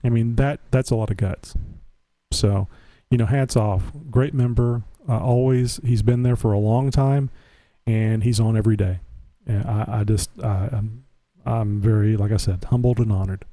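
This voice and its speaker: A man's voice: fairly low pitch, steady tone, normal speed, dark tone, dry recording. A man hosting a casual live internet show, rambling and restarting his words often. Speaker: host. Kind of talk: casual livestream chat.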